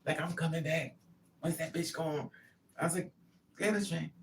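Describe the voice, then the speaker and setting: A woman tells a casual personal story at an ordinary pace, her voice sitting low. She acts out others' remarks with animation, and the recording comes from a distant mic with a faint noise floor.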